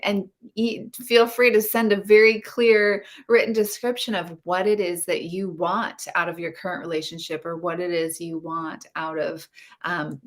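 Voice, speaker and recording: A woman coaching her viewers on love and intimacy during a live stream. Her voice sits a little low. She speaks in an earnest, spiritual way, turning straight to the people watching and asking them to answer in the comments. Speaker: relationship coach.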